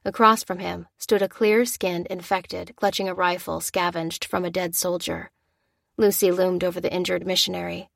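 A woman reading an audiobook with steady, even storytelling narration. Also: fairly low pitch, normal speed, gravelly, dry recording, studio quality.

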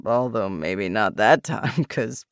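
A woman's voice: extremely low pitch, animated, slow, dry recording, clean studio sound, voice pushed down, heavily acted. A woman voicing a drunk man who rambles and pleads in a loose, unsteady way. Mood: drunk, rambling.

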